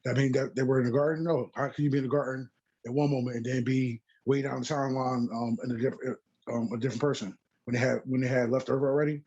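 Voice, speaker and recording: A man's voice: mid-range voice, steady tone, quick pace, darkish tone, slightly rough, highs cut off. A man in a religious discussion, speaking hesitantly and searching for words. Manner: hesitant, full of ums and restarts. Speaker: discussion participant.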